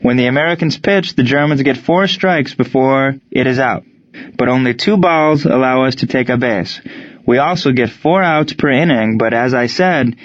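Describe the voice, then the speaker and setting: A man voicing a proud German prisoner of war who speaks in stiff, formal, measured phrases. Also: mid-range voice, no room sound, voice pushed up, close to an everyday voice. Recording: dry, dull lo-fi sound.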